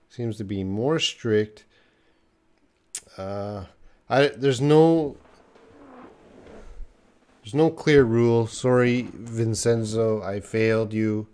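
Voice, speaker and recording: A man hosts a live English lesson, reading out viewers' questions and answering them one by one. His voice sits a little low, and he talks in a chatty, teasing way. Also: a little mellow, clear, resonant tone. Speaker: English teacher.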